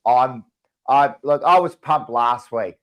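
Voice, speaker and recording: A man with an Australian accent co-hosting a casual sports fan show, talking in an excitable, rambling way with many restarts. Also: medium pitch, slow pace. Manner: excitable, rambling, repeats words. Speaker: podcast co-host.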